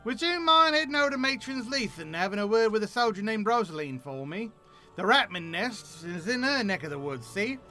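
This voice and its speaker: A man voicing a gruff, brusque male ranch wrangler in a put-on rustic accent, reading game dialogue aloud. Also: sits high, very animated, brisk, sharp tone, faint music behind, pitched above the performer's own voice, heavily acted. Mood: indignant.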